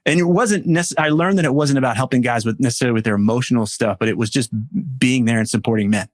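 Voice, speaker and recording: A man, a men's coach, speaking as a podcast guest in a reflective, storytelling way with halting restarts. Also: mid-range voice, no echo, clean studio sound. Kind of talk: podcast interview.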